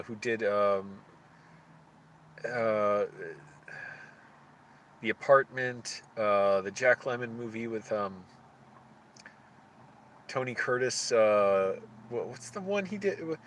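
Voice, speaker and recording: A man streaming live, thinking aloud in casual chat, halting often as he searches for names. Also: mid-range voice, a bit bright, slight background noise.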